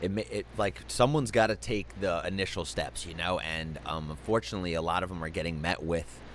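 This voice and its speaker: A man's voice: sits low, a little fast, a little hiss or hum. A young adult man hosting an interview, talking casually with many ums and restarts and some swearing. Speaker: host.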